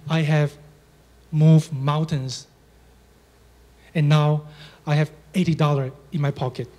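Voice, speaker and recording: Slow, mellow man with a Chinese accent. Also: fairly high pitch. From China. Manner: dry, understated humor with measured pauses. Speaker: storyteller. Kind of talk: live stage storytelling.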